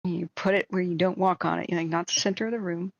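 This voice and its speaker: Woman host of a home live stream, slightly sore voice, talky and emphatic, low pitch, muffled lo-fi mic. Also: fairly even intonation, fast talker, creaky, no echo. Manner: chatty, emphatic, repeats words when starting sentences. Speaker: wildfire-tracking live streamer. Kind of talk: casual live-stream chat. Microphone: home streaming setup.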